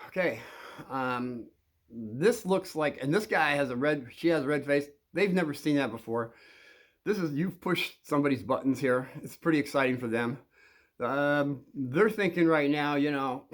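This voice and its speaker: A man's voice: a little high, animated, fairly quick. A man talking to the camera and giving casual advice, rambling with many fillers and restarts. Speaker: advice vlogger.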